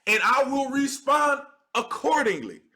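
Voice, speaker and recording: A man, hosting a casual livestream. His voice sits high and swings widely as he talks in an emphatic, conversational way. The tone is bright and forceful. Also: big pitch swings, measured pace. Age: 30s. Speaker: livestream host.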